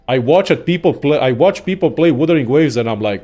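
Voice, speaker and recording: A young man casually ranting about games in a profane, excitable, rambling way as a content creator. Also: a little high, a little fast. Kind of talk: casual gaming rant.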